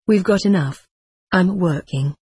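A woman voicing a devoted young daughter who speaks softly and reassuringly through tears. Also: lowish voice, unhurried, slightly rough. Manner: soft, reassuring, choked.

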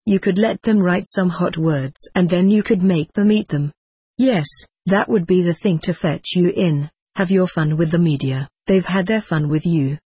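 A boastful horned devil in a storybook reading, wheedling and pushing his offers like a salesman, as the reader puts him on. The voice is husky and sits at a middle pitch. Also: normal speed, warm tone, no room sound, close to an everyday voice. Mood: gleeful. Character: boastful tempting devil with horns and tail.

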